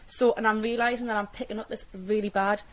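A woman from northeast England with a Sunderland accent, reading a set passage and then chatting casually in a lively way about where she lives. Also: medium pitch, low-quality recording. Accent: Sunderland (Mackem). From Washington, northeast England. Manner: chatty and lively, quick asides. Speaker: dialect archive speaker.

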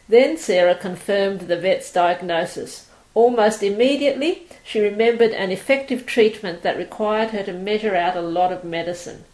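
A middle-aged Australian woman from Sydney, reading a passage aloud and then chatting about her life in a relaxed, hesitant way with many fillers. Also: mid-range voice, rough recording. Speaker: performer reading a passage and talking about herself. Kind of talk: reading aloud, then casual personal talk.

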